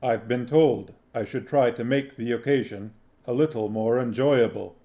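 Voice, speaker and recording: A man reading aloud, voicing Death as a calm, formal skeletal reaper in a slow, measured, solemn way. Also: medium pitch, natural voice. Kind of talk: audiobook reading.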